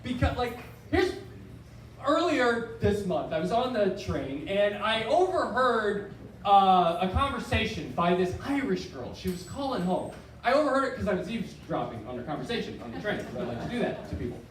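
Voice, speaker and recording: Self-deprecating male stand-up in his thirties, lively pitch, echoey venue from far off. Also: normal speed. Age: 30s. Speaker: stand-up comedian. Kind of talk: live stand-up set. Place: live comedy venue. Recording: echoey room from far off, crowd noise.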